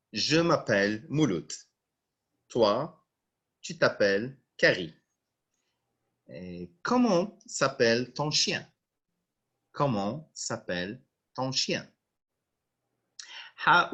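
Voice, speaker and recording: A man teaching French over a video call, with a husky voice and a lively, rising and falling pitch. He speaks slowly and repeats each phrase with patience. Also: highs cut off. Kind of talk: online language lesson.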